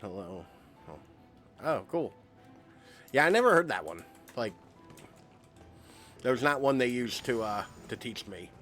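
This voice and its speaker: A man's voice: mid-range voice, very animated, a little slow, long pauses, fairly bright tone, soft background music. A young man from the United States giving rambling, self-mocking commentary while he streams a game. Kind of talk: casual gameplay commentary.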